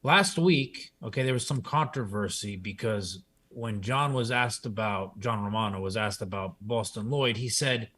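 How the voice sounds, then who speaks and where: A man's voice: fairly low pitch, moderate pace, fairly bright tone. A man in casual chat raising a point firmly and directly.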